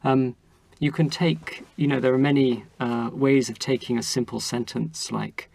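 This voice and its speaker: Gravelly, husky man explaining patiently. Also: medium pitch, measured pace, few pauses, dry recording. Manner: explanatory, steady and considered. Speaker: guest. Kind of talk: conversational interview.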